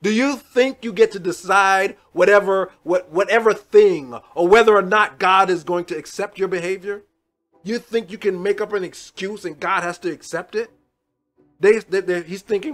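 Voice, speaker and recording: A man preaching a sermon as pastor, swinging between loud outbursts and quiet asides, talking to the congregation in a plain, colloquial way. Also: high voice, normal speed, soft background music. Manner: colloquial, addresses the congregation as y'all.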